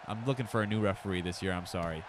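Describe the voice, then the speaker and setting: A man doing casual play-by-play wrestling commentary, excitable and swearing, with joking asides and a voice strained from overuse. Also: low voice, rapid-fire, noisy background. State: strained, losing his voice.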